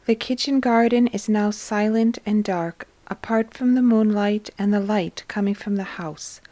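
Soft-spoken woman narrating reverently. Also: mid-range voice, fairly even intonation, a little slow. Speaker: reader of devotional text. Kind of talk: scripted narration.

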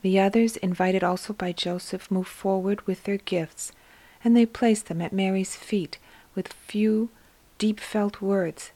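A woman reading a religious story aloud, narrating and voicing the characters in a soft, hushed manner that often falls into a whisper. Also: mid-range voice, steady tone, a little slow.

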